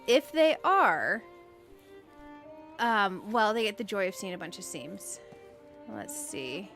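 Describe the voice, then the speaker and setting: A woman's voice: medium pitch, lively intonation, measured pace, over music. A woman streaming a game, chatting casually, giggling often and greeting viewers by name. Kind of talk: casual live-stream chat while playing.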